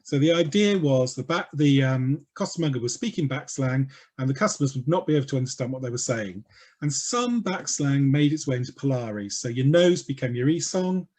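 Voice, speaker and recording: A man giving an educational talk, explaining in a lively, playful way with quick asides. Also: medium pitch. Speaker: speaker on language history.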